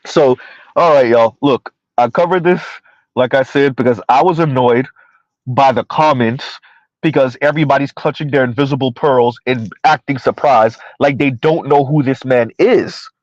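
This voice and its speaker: A man's voice: medium pitch, normal speed, no room sound, lo-fi sound. A man hosting a ranting commentary video, heated and repetitive, firing rhetorical questions at his viewers. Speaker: commentary channel host.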